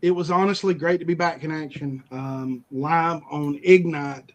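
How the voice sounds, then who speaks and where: High-voiced man taunting like a wrestler. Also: steady tone, normal speed. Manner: boastful, taunting, stumbles over words when fired up. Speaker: league champion cutting a promo on a stream show. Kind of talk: trash-talking wrestling-style promo.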